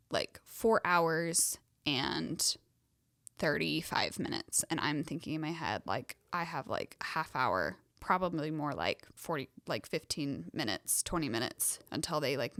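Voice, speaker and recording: Young woman podcast co-host, lower voice, dry close sound, chatty and emotional storyteller. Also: very animated, measured pace, a bit bright, no room sound. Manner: emotional storytelling with many fillers. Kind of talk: casual chat.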